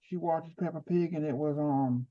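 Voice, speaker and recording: A man who is a guest on a livestream, chatting in a halting, casual way. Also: a little high. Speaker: guest on the stream. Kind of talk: casual chat. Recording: dull lo-fi call audio.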